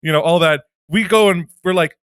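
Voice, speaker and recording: Bright-voiced man telling rambling stories. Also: a little high, a little fast, smooth, dry recording, studio quality. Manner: rambling storyteller, lots of fillers. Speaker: podcast co-host. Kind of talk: casual chat.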